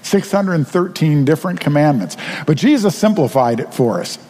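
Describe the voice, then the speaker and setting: A man's voice: on the high side, lively intonation, normal speed, mellow. Earnest preaching man, reverberant hall. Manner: earnest, conversational preaching with rhetorical questions. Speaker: pastor. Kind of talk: sermon.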